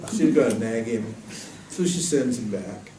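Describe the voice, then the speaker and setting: A man giving a spiritual talk, telling a story in a lively, jokey way. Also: mid-range voice, slow, slight background noise. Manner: lively, jokey storyteller who laughs at his own jokes. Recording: roomy, distant mic, faint ambience.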